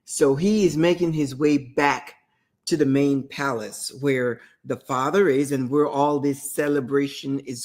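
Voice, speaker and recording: A woman hosting a talk show, retelling a parable in a conversational way, with restarts and asides. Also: deep voice. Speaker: host. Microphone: streamed talk show mic.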